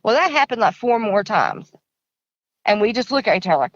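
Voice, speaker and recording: A middle-aged woman from Kentucky, appearing as a guest, casually recounts a long story about an encounter, rambling and repeating herself in plain country grammar. Her mid-range voice is sing-song and a little fast, and the audio sounds dull.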